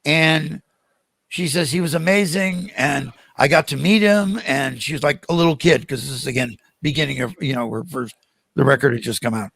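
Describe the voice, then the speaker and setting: An older American man, a podcast guest, telling animated stories and acting out the voices of the people in them. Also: a little high, moderate pace, vocal fry, no room sound. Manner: animated, acts out quoted voices. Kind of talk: storytelling in a podcast interview.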